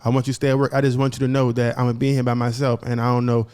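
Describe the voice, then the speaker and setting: A man's voice: mid-range voice, level tone, rapid-fire, darkish tone, clean tone. A young man co-hosting a podcast who tells a personal story in casual talk, acting out each side of the conversations and often repeating and restarting his phrases. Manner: retells events by acting out both sides of conversations. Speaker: podcast co-host.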